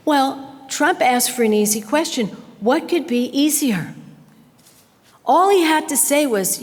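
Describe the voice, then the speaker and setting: A woman's voice: high-pitched, lively intonation, slow. An older woman giving an impassioned public lecture, speaking with emphatic conviction. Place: lecture hall. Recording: long hall reverb.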